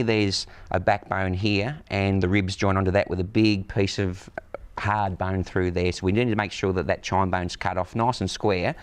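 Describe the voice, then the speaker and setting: A man, a butcher, explaining outdoors step by step how to prepare a cut of meat. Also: deep voice. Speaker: butcher guest. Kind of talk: cooking demonstration. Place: outdoors in the sun.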